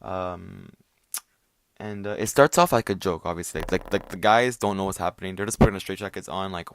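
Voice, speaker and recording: Rambling profane young man, low voice. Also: a little fast, clear, resonant tone, dry recording, studio quality. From Italian family. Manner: profane, rambling, many fillers and restarts. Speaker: podcast host. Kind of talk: casual rant.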